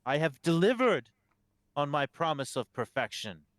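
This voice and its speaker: A man's voice: fairly high pitch, sing-song, normal speed, no echo, voice pushed up. A man voicing a zealous, fanatical abbot who speaks in grand, sermonizing tones. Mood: grandiose.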